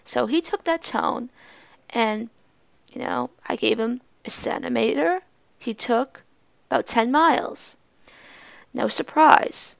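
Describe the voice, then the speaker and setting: Blunt, profane young woman with vocal fry. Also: fairly high pitch, slow, pauses often, no room sound. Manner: blunt, profane, rambling with restarts. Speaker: podcast host. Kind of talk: casual storytelling monologue.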